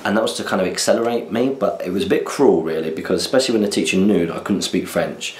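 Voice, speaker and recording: A man's voice: sits low, fast, echoey room, slight background noise. A young man from southern England hosting a podcast, chatting casually in a rambling, self-deprecating way. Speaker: podcast host. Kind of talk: casual chat.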